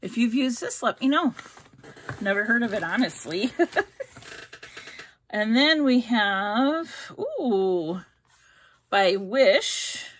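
Slow-talking chatty woman unboxing products. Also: fairly high pitch, expressive. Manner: chatty, reads product labels aloud, stumbles on ingredient names. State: hiccups. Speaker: unboxing vlogger. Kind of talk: casual unboxing review.

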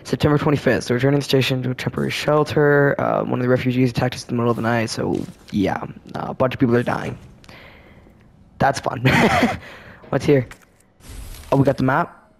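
Laid-back gravelly gamer man. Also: medium pitch, fairly even intonation, a little fast. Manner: rambling, filler-heavy, laid-back. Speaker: gaming channel host. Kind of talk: casual let's play commentary.

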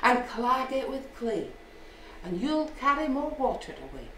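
A woman storyteller voicing a helpful little robin, gently insistent, in an echoey room heard from a distance. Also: high-pitched, very animated, measured pace, slight background noise, exaggerated voice. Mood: coaxing.

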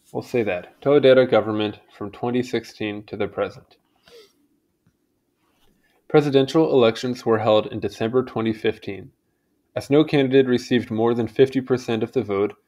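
A man's voice: on the low side, darkish tone. A man casually reading a history article aloud, stumbling over names and adding chatty asides. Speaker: channel host reading aloud.

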